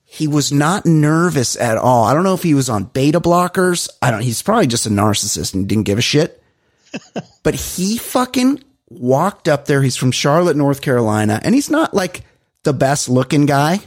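A man co-hosting a podcast, telling stories in animated, profane casual chat. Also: medium pitch, a little fast, no room sound, clean studio sound. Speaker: podcast co-host.

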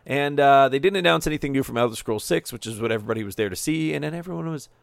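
A man co-hosting a casual podcast, animated and jokey, with sarcastic asides. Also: mid-range voice, racing, creaky, no echo. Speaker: podcast co-host.

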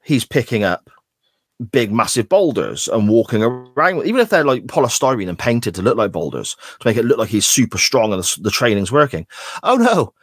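A man's voice: mid-range voice, lively intonation, fairly quick, husky, no room sound. A man co-hosting a wrestling podcast, recapping a clip in a sarcastic, sweary, casual way. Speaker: podcast co-host. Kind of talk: casual chat.

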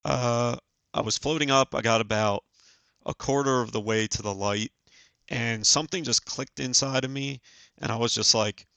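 Gravelly-voiced man in his forties. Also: medium pitch, steady tone, bright, forceful tone, no room sound. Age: 40s. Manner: earnest, halting, many fillers. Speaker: podcast guest. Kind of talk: casual storytelling.

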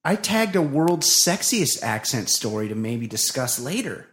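A co-host in a relaxed comedy podcast, mid-pitched and easygoing, trading dry jokes and wandering through stories with plenty of restarts. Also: measured pace. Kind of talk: casual comedy podcast chat.

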